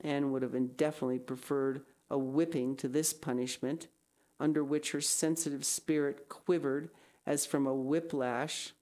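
A woman's voice: extremely low pitch, steady tone, moderate pace, dark tone. A woman reading a classic novel aloud, now and then breaking off into casual asides. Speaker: reader.

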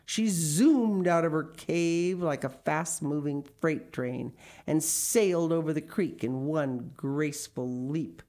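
A woman reading a children's picture book aloud, with lively expression and small asides. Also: low-pitched, takes it slowly. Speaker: storyteller.

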